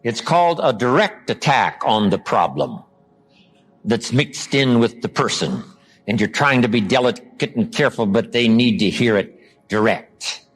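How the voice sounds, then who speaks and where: A man from the United States giving a motivational seminar talk, acting out quoted lines and dropping his voice low for emphasis. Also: expressive, unhurried, husky. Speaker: motivational speaker.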